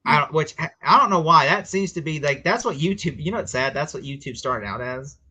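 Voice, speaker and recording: American male host, bright, slightly high voice, chatty rambling style, acts out quotes. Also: expressive, a little fast, slightly rough, poor audio. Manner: rambling, chatty, laughing asides and acted-out quotes. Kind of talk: casual livestream chat.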